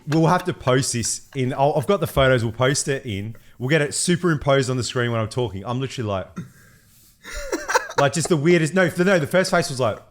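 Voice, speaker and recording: A man, co-hosting a podcast in casual, swearing, laugh-filled chat. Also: medium pitch. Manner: laughing, swearing, animated storytelling. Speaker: podcast co-host.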